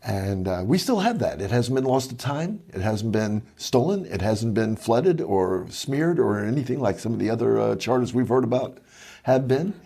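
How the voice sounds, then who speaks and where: An older man co-hosting a casual podcast, telling stories with many pauses and chuckles. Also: medium pitch, animated, vocal fry, mellow, slightly rough. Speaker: podcast co-host, magic club president. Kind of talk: casual chat.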